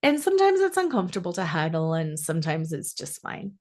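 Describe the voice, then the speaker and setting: A woman's voice: lowish voice, very animated, a little fast, darkish tone. A woman life coach and podcast host telling a personal story in an earnest, musing way, stretching some phrases.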